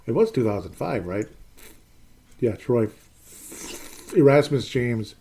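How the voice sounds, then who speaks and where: This podcast host is a man of perhaps forty-something running a laid-back live sports show, wandering off topic and sounding exasperated and self-mocking as he goes through chat comments. His mid-range voice swings widely in pitch, moves slowly, and has a dark tone with a breathy edge.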